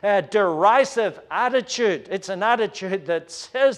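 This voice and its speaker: A man preaching a sermon in an earnest, searching way, often pausing and hesitating. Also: high-pitched, lively intonation.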